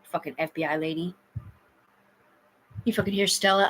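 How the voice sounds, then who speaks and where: A woman's voice: on the low side, steady tone, normal speed, a bit bright. A woman talking to her livestream in a rambling, agitated, heavily profane rant.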